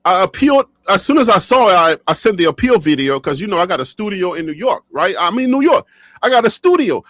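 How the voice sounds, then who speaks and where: A man vlogs casually to camera for his sports channel from his own studio, his high, fairly bright voice fast and swinging widely in pitch with no room sound. Animated and joking, he laughs often and repeats himself as he vents to viewers.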